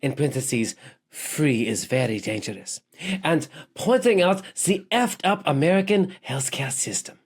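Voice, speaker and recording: A man's voice: a little high, lively intonation, measured pace, husky. A man co-hosting a show review, chatting in a jokey, rambling, loose way. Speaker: show co-host. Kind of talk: casual review chat.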